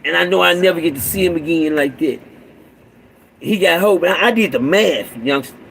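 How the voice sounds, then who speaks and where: Casual preacher-style rant from a middle-aged guy with a high voice, fired up, says things over and over, drops low and gravelly when he gets serious. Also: moderate pace, fairly bright tone, a little hiss or hum, low-quality recording. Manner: fervent, repetitive, swings between raised urging and low growl. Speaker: father addressing other fathers. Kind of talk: impassioned street-sermon monologue.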